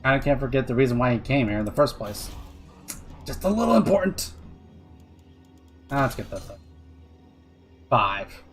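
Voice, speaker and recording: A man's voice: medium pitch, brisk, long pauses, fairly bright tone, faint music behind. A man streaming a strategy game, chatting casually, muttering to himself, and swearing when things go wrong. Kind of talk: casual gameplay commentary.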